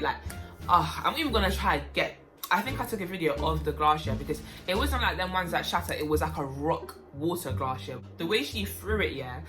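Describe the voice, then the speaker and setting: Young woman, low-pitched, animated storytime vlog, music behind. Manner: animated, swings into loud high outbursts. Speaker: waitress telling a story.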